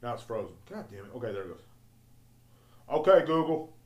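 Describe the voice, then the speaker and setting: A man's voice: mid-range voice, big pitch swings, a little fast, a little mellow. A man ranting profanely and rambling as a podcast host. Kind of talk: casual solo rant. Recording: roomy echo.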